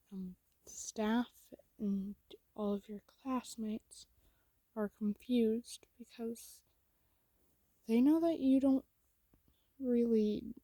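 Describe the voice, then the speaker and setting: Slow, husky woman in whispered role-play. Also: fairly high pitch, no room sound. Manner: soft and intimate, second-person storytelling. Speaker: narrator.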